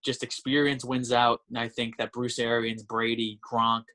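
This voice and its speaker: A man's voice: mid-range voice, little pitch movement, moderate pace, bright, forceful tone. Confident male sports podcast host. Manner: confident, emphatic picks. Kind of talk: casual sports podcast talk.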